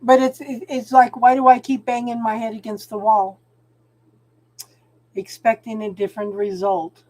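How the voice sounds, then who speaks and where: A woman's voice: fairly high pitch, level tone, normal speed, darkish tone. A middle-aged woman hosting a spiritual channel, chatting casually on a livestream and talking to viewers by name.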